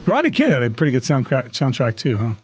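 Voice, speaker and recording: A man's voice: medium pitch, huge pitch swings, fast, lo-fi sound, a little hiss or hum. A man in his thirties streaming a game live, ranting in playfully dramatic exasperation. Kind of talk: live gaming stream chat. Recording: loud music over the voice. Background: loud music playing.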